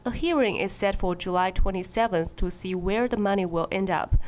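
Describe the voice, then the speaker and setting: A woman's voice: medium pitch, a little fast, darkish tone. Woman anchor reading the news.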